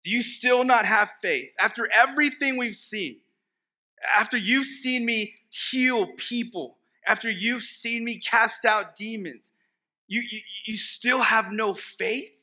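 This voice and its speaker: A preacher acting out an exasperated teacher scolding timid followers. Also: male voice, high voice, lively intonation, unhurried, pauses often, sharp tone, pitched above the performer's own voice, heavily acted. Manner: pressing, repeated rhetorical questions.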